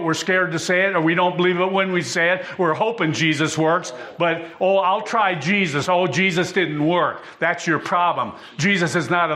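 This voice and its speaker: A high-pitched man preaches in a church, listing names in a steady rhythm and building to fervent exclamations.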